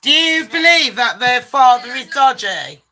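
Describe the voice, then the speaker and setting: Brash woman host, slow unhurried delivery, bright forceful tone, swears freely. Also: high voice, big pitch swings. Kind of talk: casual livestream chat.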